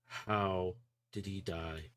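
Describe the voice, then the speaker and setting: A man's voice: mid-range voice, takes it slowly, creaky, voice pushed up. A man voicing a grieving young female robot who stammers and chokes on her words. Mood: numb.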